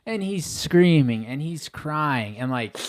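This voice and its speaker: A man's voice: fairly high pitch, animated, slow pace. A man in his thirties hosting a podcast, talking in a candid, folksy way and sprinkling his speech with "like". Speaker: podcast host. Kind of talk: casual interview conversation.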